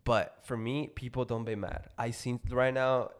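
A young man from Mexico co-hosting a podcast, chatting casually, profane and animated, with joking outbursts. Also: medium pitch, a little slow, clean tone. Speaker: podcast co-host. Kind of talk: casual chat.

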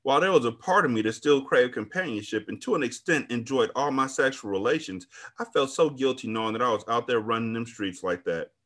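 A man's voice: mid-range voice, fairly quick, hardly any pauses, a bit bright, lightly acted. A man reading a book aloud as its first-person narrator, an older woman looking back on her life with relief and regret.

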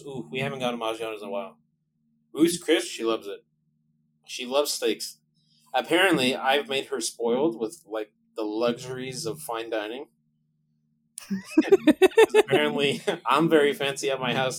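A man's voice: mid-range voice, slight background noise, low-quality recording. A man guest in casual podcast chat, rambling and laughing often.

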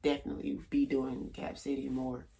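A man's voice: medium pitch, monotone, a little fast, gravelly, dark tone. Laid-back, laughing man comic. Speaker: stand-up comedian, podcast guest. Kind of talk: casual podcast chat.

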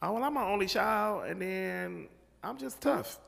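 A man's voice: high voice, expressive, measured pace, vocal fry, fairly bright tone. A man in casual chat among friends, blunt and tough-talking. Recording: long hall reverb.

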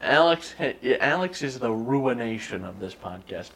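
A man's voice: mid-range voice, expressive, moderate pace, creaky, a bit bright, a little hiss or hum. Drunk man rambling on a podcast. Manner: rambling and profane. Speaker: podcast co-host. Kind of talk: casual chat.

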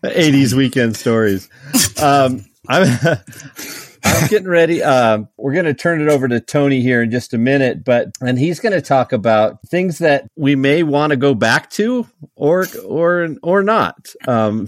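A man's voice: medium pitch, expressive, moderate pace, no room sound, studio quality. A man hosting a podcast, hesitantly handing over to the next topic. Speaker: podcast host.

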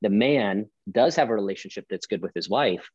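A man's voice: lowish voice, animated, fairly quick, a little mellow, husky, no room sound, dull audio. A man speaking as a pastor on a podcast, emphatic and preacherly, driving his point with rhetorical questions. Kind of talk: podcast conversation.

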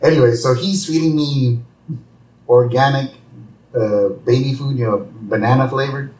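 A man's voice: mid-range voice, normal speed, a little mellow. A man co-hosting a podcast, chatting casually and laughing while he recaps an episode. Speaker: podcast co-host. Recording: roomy, distant mic.

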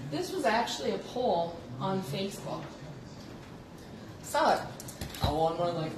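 A woman rambles through a casual podcast monologue at home, blunt and freely profane. Her voice sits back from the mic in an echoey kitchen, with clear noise underneath. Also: a little high. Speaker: podcast host. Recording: echoey room, far from the mic, noisy.

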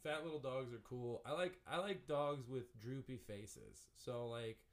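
A man's voice: mid-range voice, a little slow. A man chatting casually on a podcast, rambling with lots of "like" and restarts. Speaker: podcast guest. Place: apartment.

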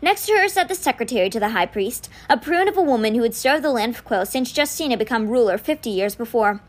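A woman with a slightly high voice reads a novel aloud for a podcast, speaking fast. She tells the story expressively and reads the quoted lines in as she goes.

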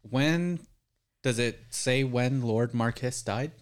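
A man's voice: medium pitch, takes it slowly. A man chatting casually on a podcast, joking, asking questions and laughing often. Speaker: podcast co-host. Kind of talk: casual chat.

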